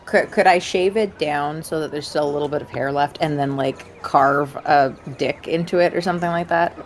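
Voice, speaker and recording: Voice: medium pitch, fairly even intonation, normal speed, slight background noise. A player in a tabletop game, speaking casually and clarifying their actions with amusement.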